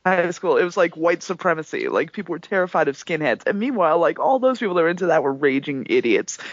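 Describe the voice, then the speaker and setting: A woman co-hosting a casual podcast chat, chatty and quick to laugh, on a dull recording. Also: deep voice, sing-song, dry recording. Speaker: podcast co-host. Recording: dull lo-fi sound.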